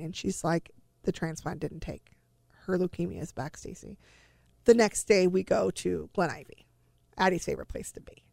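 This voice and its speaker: Woman with a gravelly voice telling a family story. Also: on the low side, moderate pace, a little mellow, no room sound. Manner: emotional retelling with acted-out quoted dialogue. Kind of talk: personal storytelling.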